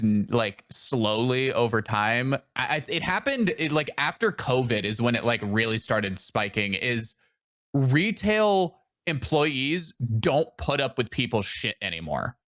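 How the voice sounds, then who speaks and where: A man with a very lively, bouncing voice, chatting on a podcast. He gives a firm, opinionated rant full of swearing and leans hard on the words he wants to stress. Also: mid-range voice, unhurried, no echo, clean studio sound. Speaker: podcast guest. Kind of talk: casual chat.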